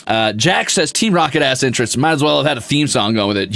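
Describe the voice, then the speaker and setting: Excitable swearing young streamer with gravelly voice. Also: male voice, medium pitch, quick pace, no echo, faint music behind. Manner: excitable, swears freely, puts on voices when reading chat. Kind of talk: casual chat reading out chat messages.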